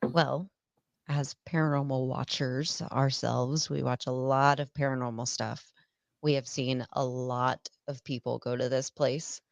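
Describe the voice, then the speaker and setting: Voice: mid-range voice, little pitch movement, measured pace, creaky, no echo. A podcast co-host chatting eagerly and casually.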